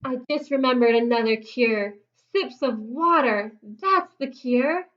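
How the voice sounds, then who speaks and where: A woman voicing a sensible mother bear who gives brisk rhyming instructions in a storybook read-aloud. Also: sits high, fairly bright tone, dull audio. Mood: coaxing.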